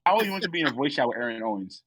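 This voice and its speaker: A young man co-hosting a casual chat, excitable and joking. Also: mid-range voice, racing, slight background noise.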